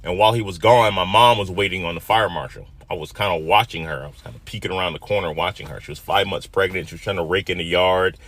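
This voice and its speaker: A man in his fifties from Detroit tells a personal story in an emotional, dramatic way, dropping to a hush and then rising loud. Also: deep voice, fast, few pauses. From Detroit, USA. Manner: emotional, dramatic retelling that swings from hushed to loud.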